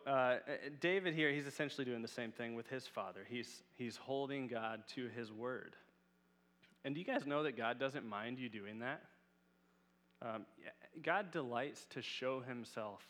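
A man gives a conversational sermon, earnest and relaxed, often pausing on fillers as he teaches. His voice sits at an ordinary middle pitch. A long reverb trails behind every phrase. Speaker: Bible teacher.

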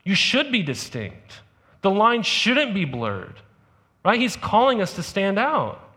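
Man, high-pitched voice, pastor, casual conversational sermon, frequent "right?" asides. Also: huge pitch swings, takes it slowly, bright, forceful tone. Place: church service.

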